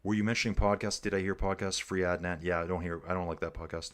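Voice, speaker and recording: Chatty low-voiced man doing live commentary. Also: fairly quick. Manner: chatty, jokey, reads viewer comments aloud. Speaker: livestream race commentator. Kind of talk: casual live commentary reading chat.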